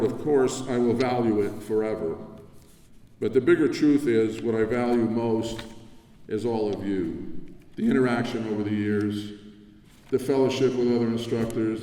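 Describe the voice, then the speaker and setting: A man's voice: mid-range voice, dark tone. An older man from New Jersey giving an award acceptance speech at a convention, reminiscing in a conversational way with asides. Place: large convention hall. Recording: echoey hall from far off.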